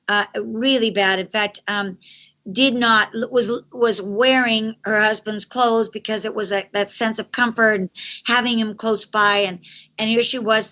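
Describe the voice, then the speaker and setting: A woman's voice: mid-range voice, bright, forceful tone, lo-fi sound. A woman who founded a clothing company, a guest on a radio interview, telling a story with many restarts and acted-out quotes.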